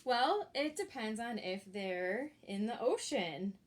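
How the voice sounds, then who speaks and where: A woman's voice: on the high side, big pitch swings, takes it slowly. A woman librarian reading a picture book aloud for children at storytime. She talks in a chatty way and asks the listeners questions. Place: library, recorded for an online video.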